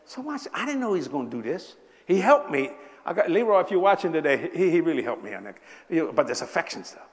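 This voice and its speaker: A man in his seventies preaching a sermon, telling a personal story with lots of laughter and sudden loud bursts. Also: on the high side, fast. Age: 70s. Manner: animated, laughing, bursts of shouting. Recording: echoey hall.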